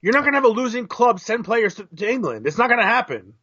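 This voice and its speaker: A man co-hosting a casual soccer talk show, explaining tactics in a measured, analytical way. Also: very high-pitched, very animated, pushed and bright, slightly rough, lo-fi sound. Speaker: co-host. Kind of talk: casual chat.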